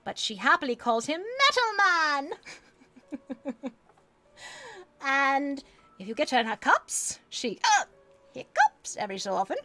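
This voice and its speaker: A woman's voice: sing-song, slow, long pauses, sharp tone, no room sound, faint music behind, full character voice. A woman voicing a cheerful, tipsy little old druid lady whose words swing up and down in a sing-song way. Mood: tipsy, merry. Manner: sing-song, pitch going up and down.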